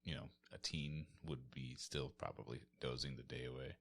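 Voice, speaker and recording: A man playing a tabletop game in character, talking in a dry, deadpan way. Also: rumbling low, moderate pace, gravelly. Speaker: player. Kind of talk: in-character tabletop role-play.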